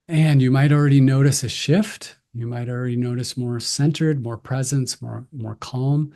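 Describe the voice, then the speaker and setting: A man giving slow, calm, gentle breathing cues as a breathwork instructor. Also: medium pitch.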